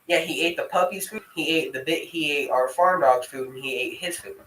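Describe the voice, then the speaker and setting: A man's voice: a little high, fairly quick, hardly any pauses, a bit bright, far from the mic, slight background noise. A young man telling a rambling personal story in casual vlog style, swearing freely and breaking off to scold his dog. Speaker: vlogger. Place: room at home with dogs. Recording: echoey room.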